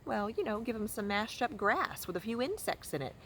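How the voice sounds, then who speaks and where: A bossy old goose hen lectures in a shrill, swooping voice, quick to scold. Her squawks leap up and down as she lays down the law. A woman acts her out for a read-aloud. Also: animated, fairly bright tone, slight background noise. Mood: lecturing.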